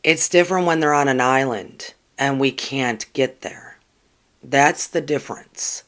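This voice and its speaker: This host speaks at a medium pitch, a little slowly, with a fairly bright tone. She chats earnestly with livestream viewers while pulling oracle cards, rambling along with plenty of ums and false starts.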